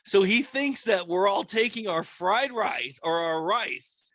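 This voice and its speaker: A man's voice: sits high, expressive, a little slow, fairly bright tone, dry recording, studio quality. A young man hosting a podcast, telling stories in casual chat, laughing often and swearing freely. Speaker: podcast host.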